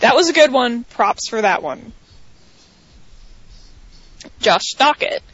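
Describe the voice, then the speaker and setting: Southern woman co-host, lively high voice reading fan captions, dry dull sound. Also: slow pace, long pauses, no echo. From the American South. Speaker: podcast co-host. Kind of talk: reading listener captions aloud.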